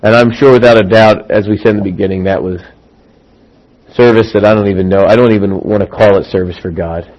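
A middle-aged man preaching a sermon as a pastor, acting out quoted voices and swinging from loud emphasis to hushed asides. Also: lowish voice, fairly even intonation, brisk, lo-fi sound.

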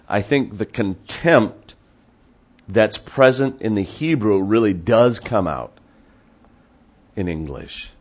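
Slow, low-voiced man teaching a sermon. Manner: conversational, with frequent restarts and asides; reads scripture quotes in a raised, emphatic voice. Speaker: pastor or Bible teacher.

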